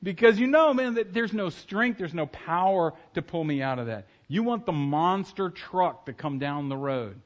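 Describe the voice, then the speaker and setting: A man preaching a sermon in church, talking casually and joking with the congregation, now and then breaking into loud acted shouts. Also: a little high, expressive, unhurried, hardly any pauses, dull audio. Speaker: pastor. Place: church sanctuary.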